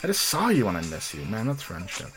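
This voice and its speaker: A man's voice: on the low side, huge pitch swings, fast talker, music in the background. A man hosting a comedy podcast, joking around in loose, profane casual chat. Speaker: podcast host.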